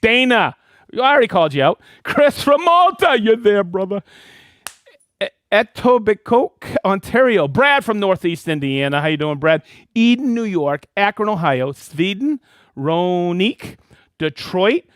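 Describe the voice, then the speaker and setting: A man hosting a live stream in a casual, excited way, calling out viewers by name and hometown. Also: high-pitched, a little slow, no echo, clean studio sound. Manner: excited, animated, reading viewer shout-outs. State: worked up and dusty after a demo. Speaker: host of a live product show.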